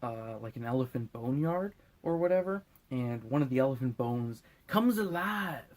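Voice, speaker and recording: A man's voice: mid-range voice, lively intonation, normal speed, a little mellow. A drunk man recapping a movie in a loose, crude, rambling way, often acting out lines in silly voices. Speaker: host.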